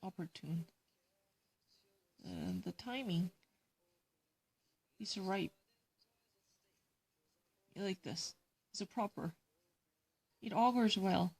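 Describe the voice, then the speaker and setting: A woman's voice: mid-range voice, extremely slow, vocal fry, pauses often, darkish tone, breathy edge. A woman with a Korean accent, Korean as her first language, reading English vocabulary words and definitions aloud and explaining them in casual solo study.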